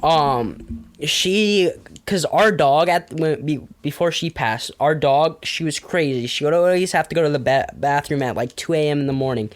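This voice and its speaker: A man's voice: a little high, normal speed, slight background noise. Rambling young man telling a story. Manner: rambling, animated, lots of fillers and restarts. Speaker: podcast guest. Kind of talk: casual storytelling.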